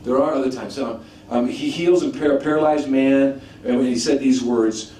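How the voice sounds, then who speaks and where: A man preaching a teaching sermon, animated, asking rhetorical questions and often restarting his sentences. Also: mid-range voice, moderate pace. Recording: echoey room, mic at a distance, faint background noise.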